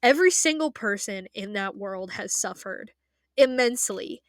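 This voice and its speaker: A woman's voice: medium pitch, expressive, moderate pace, no room sound, clean studio sound. A young woman in a casual, emotional rant as an anime fan, passionate and rambling, swearing freely and trailing off into fillers.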